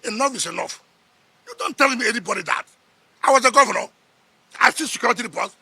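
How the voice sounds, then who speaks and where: Combative high-voiced Nigerian man. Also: lively intonation, fast, gravelly, pushed and bright, breathy edge, dry recording. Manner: combative, repeats words, scoffing. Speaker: politician. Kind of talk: heated press interview.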